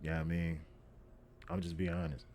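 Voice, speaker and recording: A man's voice: low voice, little pitch movement, fairly quick, darkish tone, a little hiss or hum. A young man, hosting a podcast and telling a story in a profane, repetitive, streetwise way. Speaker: podcast host. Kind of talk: casual storytelling monologue.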